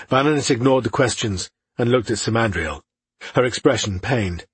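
A man reads a fantasy novel aloud in a measured, even manner. His voice is very husky and sits at a medium pitch. The recording is dry and close, with no room sound. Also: no room sound. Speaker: audiobook narrator. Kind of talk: scripted fantasy narration.

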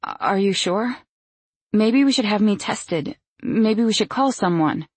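A woman's voice: medium pitch, lively intonation, takes it slowly, darkish tone, slightly rough, no room sound, voice pushed up. A woman narrator voicing an anxious, frightened young woman who speaks in a worried, pleading way.

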